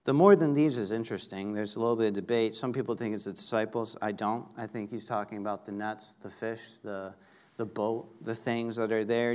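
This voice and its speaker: A man's voice: on the low side, steady tone, fairly quick, a little mellow. Man preaching a conversational sermon. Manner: conversational, rises to emphatic peaks when reading scripture. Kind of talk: sermon reading and explaining scripture.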